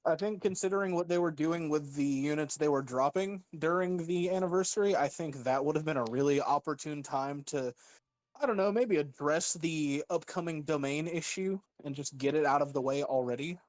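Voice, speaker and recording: A man's voice: fairly high pitch, normal speed, darkish tone, dry recording. A man co-hosting a casual gaming chat, making rambling arguments full of fillers.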